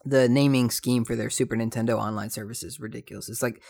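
A man hosting a podcast, telling stories in an animated, jokey way with frequent tangents. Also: medium pitch, quick pace, creaky, no room sound. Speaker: podcast host. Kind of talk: casual storytelling monologue.

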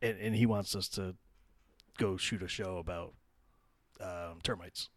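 A man's voice: deep voice, steady tone, unhurried, dry recording. A man co-hosting a show in casual chat, mostly reacting with short replies and laughs. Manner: brief reactive backchannels, laughs often. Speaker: show co-host.

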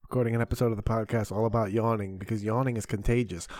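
A woman's voice: a bass voice, darkish tone, dry recording. A woman podcast host chatting casually with a young child, playful and teasing, laughing often.

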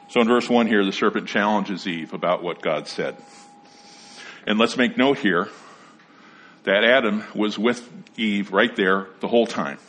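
A man preaching a sermon, explaining scripture in a measured teaching manner and reading passages aloud. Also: deep voice, a bit bright, a little hiss or hum. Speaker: pastor.

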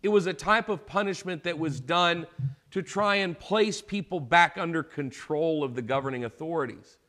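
A man's voice: a little high, normal speed, pushed and bright. A man preaching a sermon, explaining scripture in a conversational way and acting out short paraphrased lines.

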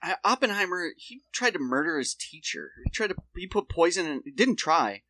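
A man's voice: high voice, sing-song, brisk, sharp tone, no room sound. Rambling, swearing male podcast co-host. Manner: rambling storyteller, swears, acts out quotes in shifting voices. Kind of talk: casual chat.

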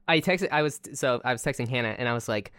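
A woman's voice: extremely low pitch, lively intonation, fast, fairly bright tone, clean tone, no room sound. A young woman co-hosting a podcast in casual chat, wry, with dry jokes and facts read out. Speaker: podcast co-host.

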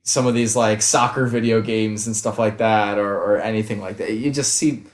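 A man's voice: on the low side, fairly even intonation, moderate pace. A man co-hosting a casual film podcast, easygoing and sometimes tripping over words. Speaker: podcast co-host. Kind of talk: casual chat. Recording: echoey room.

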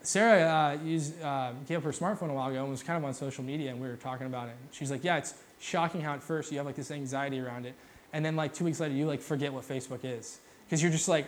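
A man's voice: on the high side, fast. Casual-talking man preaching a sermon. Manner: conversational, many fillers and restarts. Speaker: pastor.

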